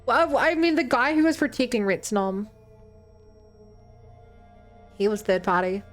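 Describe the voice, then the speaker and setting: Chatty high-voiced woman streamer. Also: animated, fairly quick, soft background music. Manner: chatty, rambling, laughs easily. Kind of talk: casual live-stream commentary.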